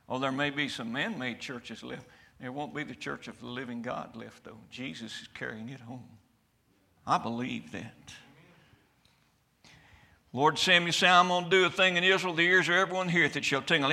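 A man preaching a fiery sermon, swinging from loud shouted climaxes to quiet, low passages. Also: creaky. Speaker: pastor. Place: church sanctuary.

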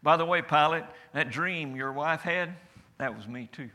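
A man preaching in the first person as Jesus, a calm and certain adult man, with a declamatory delivery whose loudness rises and falls. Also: a little high, moderate pace. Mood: solemn. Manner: declamatory, rising and falling loudness. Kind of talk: first-person sermon monologue.

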